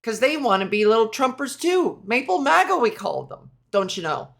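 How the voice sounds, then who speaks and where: Very animated and at normal speed, this woman's mid-range voice carries some vocal fry. She's a podcast host from Canada delivering a rambling, sarcastic, profanity-laced solo rant.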